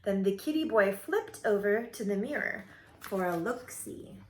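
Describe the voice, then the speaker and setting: A woman teacher reading a children's picture book aloud with expressive, playful storytelling. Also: mid-range voice, a little slow, a little hiss or hum. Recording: roomy echoey room.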